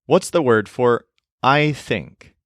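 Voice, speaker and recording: A man teaching a language lesson, explaining step by step and sounding out example words slowly and carefully. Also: mid-range voice, animated, fairly bright tone, no room sound, clean studio sound.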